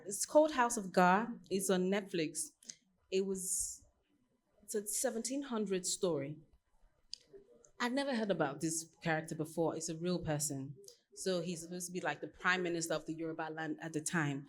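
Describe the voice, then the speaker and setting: Low-voiced woman from Nigeria. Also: moderate pace. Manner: animated, laughing storyteller. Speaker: costume designer. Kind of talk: panel discussion answer.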